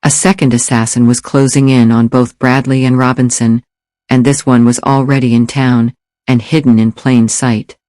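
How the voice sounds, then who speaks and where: Measured male thriller narrator, dry booth. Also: mid-range voice, no echo. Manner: steady, measured storytelling. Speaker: audiobook narrator.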